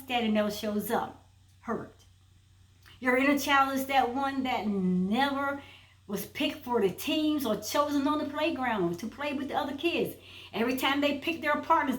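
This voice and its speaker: A woman's voice: high-pitched, fairly bright tone, roomy sound, recorded from a distance. A woman giving a motivational self-help video message, emphatic and repeating her phrases for force.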